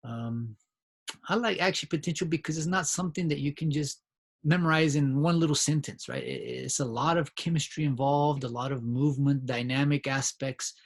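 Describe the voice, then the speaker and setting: Reviewing biology in a recorded lecture, this instructor keeps it conversational, often checking in with "right?" and starting sentences over. His husky voice runs on the high side, at a moderate pace.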